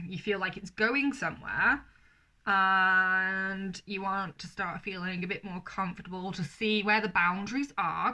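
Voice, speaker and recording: A woman's voice: fairly low pitch, sharp tone. Blunt, emphatic young British woman. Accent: British English. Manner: blunt, emphatic, swears freely. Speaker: vlogger. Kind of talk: opinion vlog to camera.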